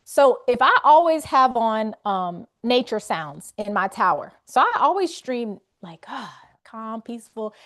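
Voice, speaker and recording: A woman's voice: fairly high pitch, sing-song, unhurried, fairly bright tone. A woman hosting a live faith coaching session, speaking conversationally and emphatically to her audience. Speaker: faith wellness coach and host.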